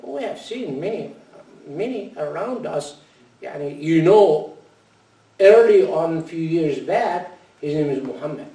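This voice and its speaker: A man's voice: fairly high pitch, unhurried. Older man lecturing in an echoey mosque hall. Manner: earnest, repeats key phrases, animated in anecdotes. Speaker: mosque speaker. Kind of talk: lecture to a congregation. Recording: echoey room, distant mic.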